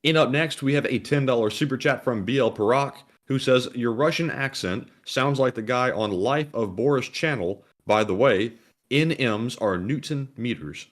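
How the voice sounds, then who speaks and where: A man's voice: mid-range voice, moderate pace. Man plainly reading out super chats. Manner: plain, announcer-like reading of donations. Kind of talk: casual livestream chat.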